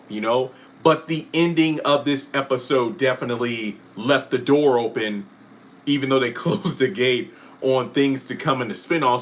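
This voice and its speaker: A man's voice: on the high side, a bit bright. Chatty man hosting a live stream. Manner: chatty, self-interrupting, apologetic asides. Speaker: YouTube live stream host. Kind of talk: casual live stream chat reacting to viewer comments.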